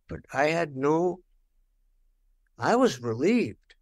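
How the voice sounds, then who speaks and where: With a mid-range voice and lively intonation at normal speed, an older rock guitarist tells his stories in a frank interview. He's profane and blunt, re-enacting his own past remarks.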